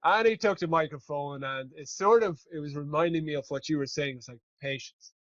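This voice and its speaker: Animated, cursing man podcast host. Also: on the high side, a little fast, dry recording, dull audio. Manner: animated, swears freely. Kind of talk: casual conversational storytelling.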